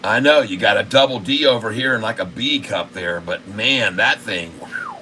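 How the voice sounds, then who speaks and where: A man hosting a live day-trading stream, excitable and repetitive, cracking crude jokes and bursting out loudly. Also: fairly low pitch, normal speed, a little hiss or hum. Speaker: day-trading livestream host.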